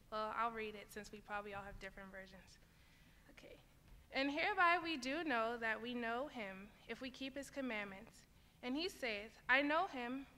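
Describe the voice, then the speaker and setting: A woman leading the scripture reading at a church service, reading in a clear, measured way. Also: on the high side, sharp tone. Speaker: scripture reader. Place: church sanctuary. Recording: long church hall reverb with faint room noise.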